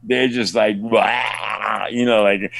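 Animated male actor telling stories. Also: medium pitch, a little slow, dry recording. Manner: animated storyteller, acts out fans, stammering restarts. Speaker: actor guest. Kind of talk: casual interview storytelling.

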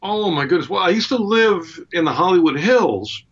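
A man's voice: high-pitched, animated, normal speed, a bit bright, slightly rough, lo-fi sound. A man, a guitarist being interviewed from his home studio, telling stories in a laid-back, wry way. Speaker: guitarist and guest. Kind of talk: relaxed interview chat.

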